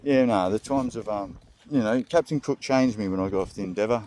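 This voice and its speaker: A man's voice: fairly low pitch, brisk, warm tone, a little hiss or hum. A young Australian man rambling through a comedic vlog, crude and joking, often laughing. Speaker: vlog host.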